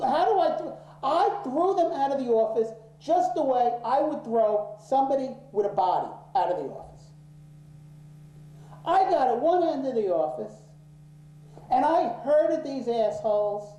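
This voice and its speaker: Man, interviewee, very dark tone, swears a lot, heated and loud when angry, slow delivery. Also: extremely high pitch, muffled recording. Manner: swears freely, gets worked up and loud in anger. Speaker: interviewee, office owner. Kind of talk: profane, animated storytelling in an interview. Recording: roomy echo.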